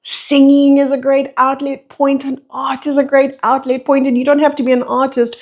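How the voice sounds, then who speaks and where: Mellow-voiced woman giving spiritual guidance. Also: sits high, flat delivery, moderate pace. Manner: flowing, repeats rhetorical questions. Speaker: spiritual teacher; breathwork facilitator. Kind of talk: spiritual monologue.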